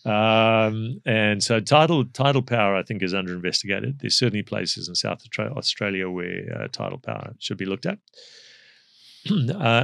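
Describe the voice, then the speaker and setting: A middle-aged man with a South African accent, speaking as an energy expert in a podcast interview, measured and explanatory with frequent fillers. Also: fairly low pitch, vocal fry, fairly bright tone, dry recording.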